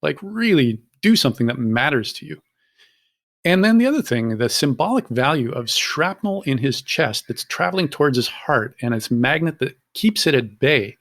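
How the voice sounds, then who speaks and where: Mid-pitched man explaining his views. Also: creaky, a bit bright. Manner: fluent, reflective explaining. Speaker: podcast co-host. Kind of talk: casual discussion.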